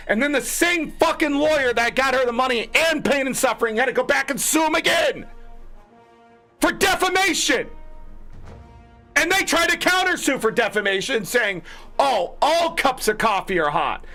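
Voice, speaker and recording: A man's voice: normal speed, sharp tone, soft background music. A man ranting angrily to viewers, swearing freely and mocking the people he disagrees with. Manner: angry, profane ranting; mocking quoted voices in lower tones. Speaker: gaming streamer. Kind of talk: ranting commentary.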